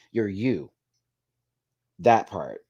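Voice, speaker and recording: A man hosting a casual live chat with viewers, talking in a sassy, animated way and swearing freely. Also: lowish voice, very slow, slightly rough, muffled recording. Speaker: live stream host.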